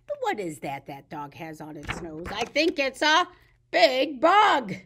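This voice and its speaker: Female children's librarian for baby storytime: high, sing-song, slow and coaxing. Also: big pitch swings, fairly bright tone, breathy edge. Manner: sing-song, playful, coaxing little listeners. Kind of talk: baby storytime reading aloud.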